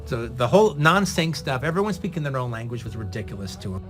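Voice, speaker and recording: A man, a film director being interviewed, telling a long anecdote with lively delivery. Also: mid-range voice, fast, faint music behind. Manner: lively, acts out dialogue in the retelling. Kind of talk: animated anecdotal storytelling.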